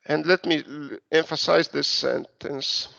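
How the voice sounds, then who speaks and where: A man's voice: on the high side, a little slow, creaky, bright, forceful tone. A man with an Italian accent giving an online university lecture, hesitant, with many fillers and restarts. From Italy. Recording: dull lo-fi recording.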